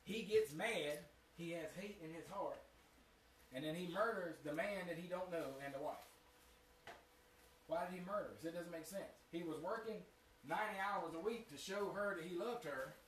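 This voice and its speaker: A man's voice: high-pitched, moderate pace, fairly bright tone, a little hiss or hum. A man giving a conversational Sabbath sermon in a meeting room, talking in a folksy way and putting direct questions to his small congregation. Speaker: Sabbath teacher. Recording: roomy sound, mic at a distance.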